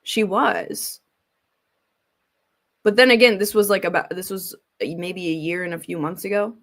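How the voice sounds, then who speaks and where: A woman hosting casual reaction commentary, talking bluntly in a rambling way and swearing freely as she pauses a clip to weigh in. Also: lowish voice, a bit bright. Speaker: commentary host.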